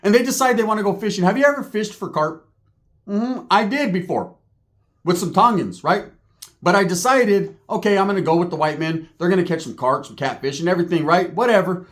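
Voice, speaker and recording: A man's voice: high voice, expressive, fairly quick. Man telling a profane comic story. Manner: casual, profane, tags lines with right. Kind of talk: comedic storytelling.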